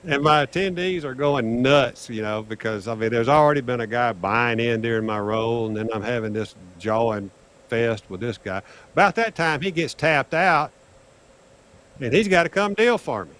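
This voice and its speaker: An older man telling a casino story in casual chat, acting out the dialogue with animated swings in his voice. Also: normal speed, clear, resonant tone. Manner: animated, acts out dialogue with raised pitch. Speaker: guest storyteller on craps livestream.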